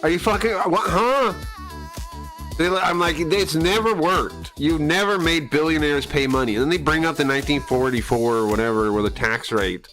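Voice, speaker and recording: A man's voice: fairly high pitch, moderate pace, a bit bright. A young man streaming live, ranting casually and heatedly with lots of swearing, rambling and restarting his sentences. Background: faint music.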